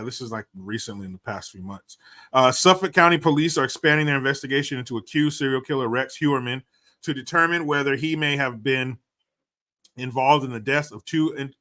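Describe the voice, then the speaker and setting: Man, podcast host, bright tone, blunt, profane, loose casual chat. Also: mid-range voice.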